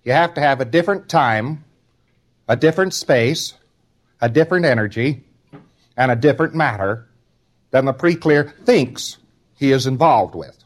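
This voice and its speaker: A man's voice: medium pitch, animated, normal speed, pauses often. Man giving a wry, casual lecture. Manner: conversational, wry, acts out brief quotes. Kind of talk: informal spoken lecture.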